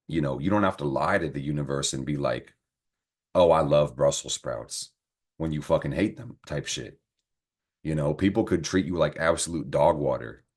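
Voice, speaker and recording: A man giving a casual astrology and tarot reading to camera, talking in a slangy, profane, encouraging way. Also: very deep voice. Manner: slangy, profane, animated pep talk.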